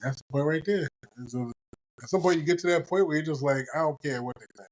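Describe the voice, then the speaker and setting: A man's voice: fairly high pitch, fast, poor audio. A man co-hosting a couples podcast, talking casually and making his point with repetition. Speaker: podcast co-host.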